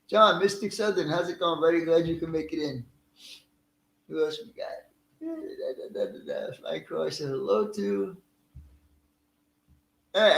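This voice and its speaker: A man's voice: a little high, echoey room, low-quality recording. A middle-aged man casually hosting a live stream, greeting viewers by name in a friendly, chatty way and laughing easily.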